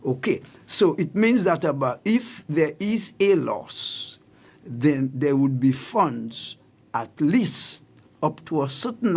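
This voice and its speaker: A man's voice: medium pitch, creaky, slightly rough. A man hosting a radio talk show, giving emphatic commentary and repeating his key points for listeners. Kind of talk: radio commentary on public affairs. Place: radio studio.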